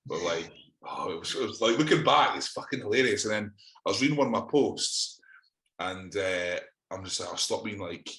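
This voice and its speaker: A man's voice: on the low side, expressive, moderate pace, a bit bright, roomy sound. A Scottish man co-hosting a podcast, telling gym stories in sweary, laughing casual chat. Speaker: podcast co-host.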